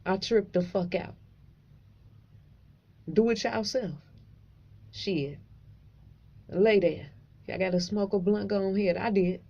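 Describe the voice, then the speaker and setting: A woman vlogger, telling a dream story casually, profane and animated. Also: medium pitch, slow, gravelly, long pauses, muffled recording.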